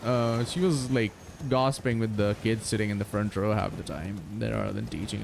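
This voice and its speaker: Young streamer dude chatting w/ chat while gaming, gravelly voice, swears a lot, laughs a ton, noisy mic. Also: male voice, fairly low pitch, brisk. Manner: swears freely, laughs often, chatty and animated.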